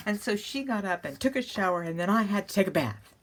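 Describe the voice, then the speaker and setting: A woman's voice: medium pitch, animated, fast talker, a little hiss or hum. A woman hosting a crafting channel, chatting casually and rambling as she works, breaking into laughter at her own stories.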